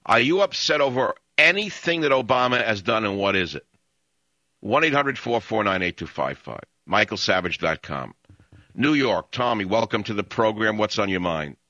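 A man's voice: fairly low pitch, lively intonation, moderate pace, pushed and bright, no echo. A man hosting a talk radio show, ranting and sarcastic as he cuts in on callers. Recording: dull lo-fi broadcast audio.

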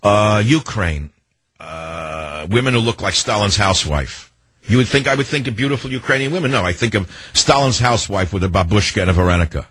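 Older male talk host, low husky voice, sardonic and rambling, dry booth sound. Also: lively intonation, a little fast, fairly bright tone, no room sound. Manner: rambling, sardonic, free-associating. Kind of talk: opinionated talk radio monologue.

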